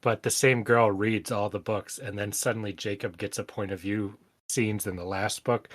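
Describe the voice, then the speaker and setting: A man's voice: lowish voice, steady tone, normal speed, fairly bright tone, no room sound. A man co-hosting a podcast in casual chat, blunt and sarcastic, swearing freely. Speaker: podcast co-host.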